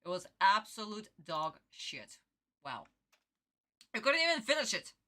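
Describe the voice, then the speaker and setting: A woman streamer giving casual livestream reaction commentary in an animated, exclamatory way, swearing freely. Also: mid-range voice, unhurried.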